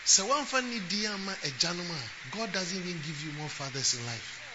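A man preaches in a strikingly high voice, swinging from conversational storytelling into forceful, shouted emphasis. The sound is muffled and lo-fi, with a clear wash of noise behind him. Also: brisk. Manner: emphatic preaching, rising to shouts and acting out quotes. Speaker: bishop and preacher. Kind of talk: sermon. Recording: lo-fi with steady background noise.

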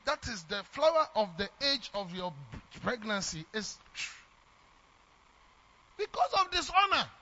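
Man, Ghanaian English accent, preacher, high voice, emphatic sermon, dull lo-fi recording. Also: sing-song, measured pace, pushed and bright. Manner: emphatic, repeats lines for effect, mixes in Twi phrases.

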